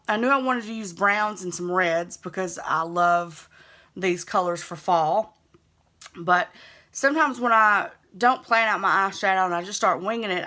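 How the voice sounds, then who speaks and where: A woman's voice: medium pitch, bright, forceful tone. Chatty Southern woman doing her makeup. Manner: chatty, easygoing, self-teasing. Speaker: beauty vlogger. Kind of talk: makeup tutorial narration.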